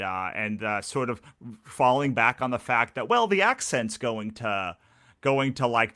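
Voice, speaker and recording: Bright, low-voiced man moderating a panel. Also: dry recording, studio quality. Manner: hesitant, many fillers and restarts. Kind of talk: live panel discussion.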